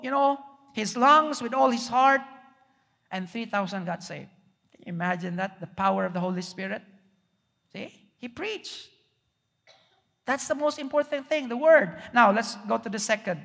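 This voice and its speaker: A male pastor delivers a sermon in a notably high voice. He keeps asking the congregation rhetorical questions. His words ring out with a long trailing reverb in a church hall. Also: normal speed, creaky, a bit bright.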